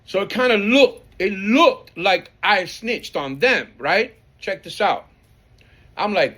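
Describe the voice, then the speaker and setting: A middle-aged graffiti writer tells his side of a feud in a voice that sits high, expressive and bright but pushed, at a slow pace. His casual, profane storytelling is heated and streetwise, with frequent swearing and quotes of his own words.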